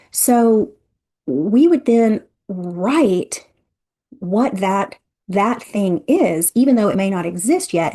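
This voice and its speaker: A woman leading an interactive energy workshop, talking in a chatty, expressive way and speaking straight to her listeners. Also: mid-range voice.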